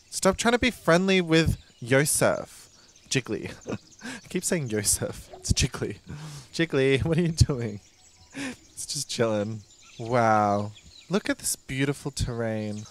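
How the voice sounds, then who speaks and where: A man's voice: mid-range voice, big pitch swings, takes it slowly, slight background noise. A young man, a drag queen, chatting casually and swearing freely while playing a life-sim game. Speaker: drag queen let's play host. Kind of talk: casual gameplay commentary.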